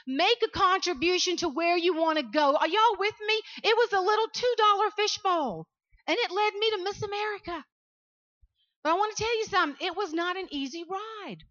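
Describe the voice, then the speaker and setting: A Southern woman with a high, bright, ringing voice tells stories to a room of students and keeps calling out "y'all". She is lively and animated. The recording sounds a little dull and lo-fi. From South Carolina, US. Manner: animated storytelling, calls out to the audience. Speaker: motivational speaker. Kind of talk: motivational speech to students.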